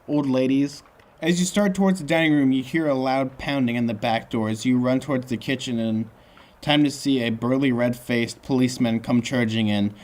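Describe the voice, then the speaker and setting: A man's voice: mid-range voice, normal speed. A man reading a choose-your-own-adventure book aloud as host, breaking off for joking asides. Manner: jokey asides, lively reading.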